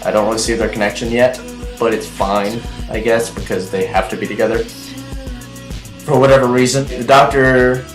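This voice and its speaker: Excitable young man rambling in an echoey room. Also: medium pitch, moderate pace. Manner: excitable, chatty, full of fillers and restarts. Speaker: TV episode reviewer. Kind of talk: casual rambling review. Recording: echoey room with faint music.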